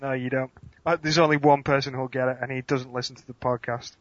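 A man guests on a casual podcast and answers quick-fire questions with dry, deadpan jokes. His voice is mid-pitched and sounds close and dry. The audio is dull and lo-fi. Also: no room sound. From England.

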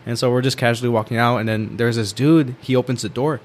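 A young man with a voice at a middling pitch tells a long story in a loose, casual way. He piles up fillers and restarts and breaks into laughter as he goes. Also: fairly even intonation, quick pace. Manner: rambling, filler-heavy, laughs while telling.

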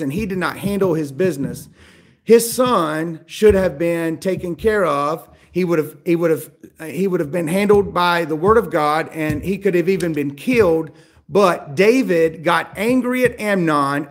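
Man, preacher, high voice, conversational sermon, storytelling, checks in with the congregation. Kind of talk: sermon retelling a Bible story.

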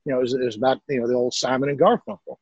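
A man hosting a podcast who reflects on a guest's story, halting and repeating words as he starts sentences. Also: mid-range voice, fairly even intonation, a little mellow, slightly rough, no echo, dull audio. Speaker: podcast host. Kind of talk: casual conversation.

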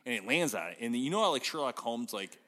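A man hosting a podcast in casual chat, telling stories in an animated way. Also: mid-range voice, fast, big-room sound. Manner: animated storytelling with laughs. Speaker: podcast host.

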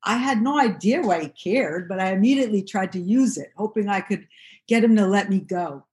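Woman narrating a memoir, mid-pitched. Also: fairly quick, darkish tone. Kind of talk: reading a first-person memoir aloud.

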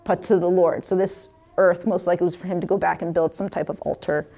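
A woman's voice: lowish voice, fairly even intonation, quick pace, gravelly, dark tone. A woman preacher reading a scripture passage aloud and explaining it in a casual, conversational way with frequent restarts.

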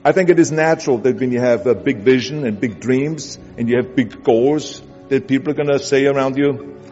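A man's voice: medium pitch, normal speed, a little mellow. German-accented guy hammering home a motivational speech, long hall echo, music under it. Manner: emphatic, repetitive build-ups. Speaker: motivational speaker. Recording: echoey hall, dull sound, music behind.

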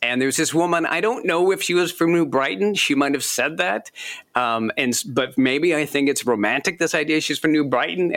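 A man, an author being interviewed, telling stories in a lively, self-deprecating way and laughing often. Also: a little high. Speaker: author guest. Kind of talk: casual interview chat.

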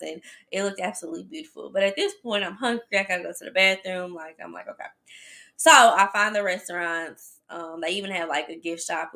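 A woman hosts her own podcast and tells a personal story in a loose, chatty way. Her voice sits a little low and has a gravelly rasp. Her tone is bright, and she keeps speaking straight to her listeners. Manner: chatty, animated storytelling addressing listeners as y'all. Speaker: podcast host. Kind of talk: casual storytelling.

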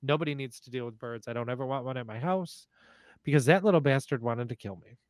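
Guy on a podcast telling animated family stories, dry close mic. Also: medium pitch, fast talker, no echo. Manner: animated, profane storyteller. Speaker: podcast host. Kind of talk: casual storytelling.

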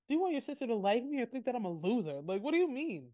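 A young adult woman co-hosting a podcast recaps a show in casual chat, speaking rapid-fire in a voice on the high side. She's animated and acts out quotes with laughter.

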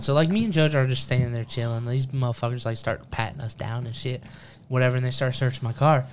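A man's voice: medium pitch, fast, a little hiss or hum. A young man hosting a casual podcast, telling a story with lots of swearing and acted-out quotes. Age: young adult. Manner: profane, animated storyteller acting out quotes.

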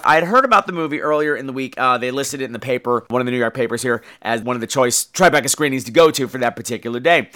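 A man's voice: mid-range voice, pushed and bright. A man hosting a podcast, reviewing a horror film in a casual, jokey and profane monologue.

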